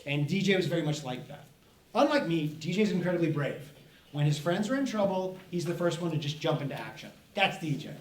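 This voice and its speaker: A middle-aged author with a fairly high, animated voice gives a playful storytelling presentation to children in a festival event room, speaking a little fast. The room is echoey, he's far from the mic, and there's faint noise.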